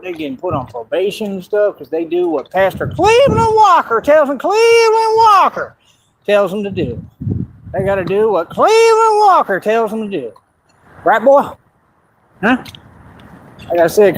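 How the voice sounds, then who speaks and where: Man ranting mockingly on a noisy stream. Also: high-pitched. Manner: mocking, boastful, laughs at his own jokes. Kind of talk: ranting livestream commentary. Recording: noisy background hiss.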